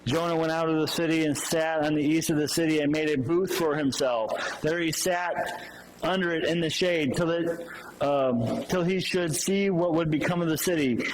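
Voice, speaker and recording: High-pitched man preaching, casual storyteller, trips over words, sermon. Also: normal speed, slight background noise, low-quality recording. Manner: loose storytelling with restarts and asides. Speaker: pastor.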